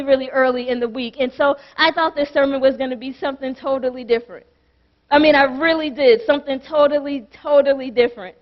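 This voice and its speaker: High-voiced woman pastor preaching. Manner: dramatic, acts out voices and repeats phrases. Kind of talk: sermon. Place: church sanctuary. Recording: dull lo-fi church recording.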